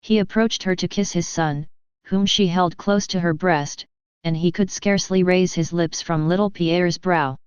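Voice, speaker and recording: A woman reading a classic novel aloud as an audiobook narrator, in a calm, measured manner. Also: lowish voice, clear, resonant tone, dry recording. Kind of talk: scripted narration. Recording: dry, slightly muffled.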